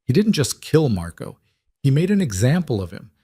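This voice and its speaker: A man voicing a cold, threatening mobster with a smooth, falsely friendly manner in an audiobook reading. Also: medium pitch, sing-song, normal speed, warm tone, dry recording, studio quality, voice pushed up. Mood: menacing.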